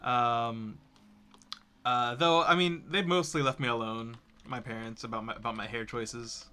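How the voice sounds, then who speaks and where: A man's voice: mid-range voice, fairly even intonation, measured pace, pushed and bright, clear, resonant tone. A young man, a game developer, chatting casually with a co-host, teasing and laughing often. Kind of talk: casual chat while working.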